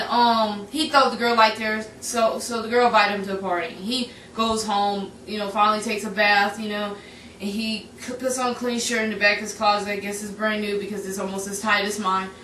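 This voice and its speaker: A woman's voice: mid-range voice, fairly even intonation, brisk, fairly bright tone. Rambling, giggly young woman reviewing a movie. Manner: rambling and giggly, full of fillers and restarts. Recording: echoey room, voice from a distance, faint background noise.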